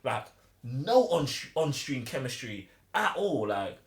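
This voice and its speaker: A young man, co-hosting a casual movie review chat in a slangy, animated way. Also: mid-range voice, slow. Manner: animated, slangy, mimics film lines mockingly. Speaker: podcast co-host. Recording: roomy echo.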